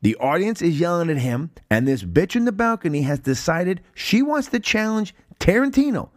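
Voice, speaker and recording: A man's voice: a little high, dry recording. A man telling a profane, sarcastic story as a podcast host, recorded close on a mic. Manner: animated, heavy cursing, sarcastic.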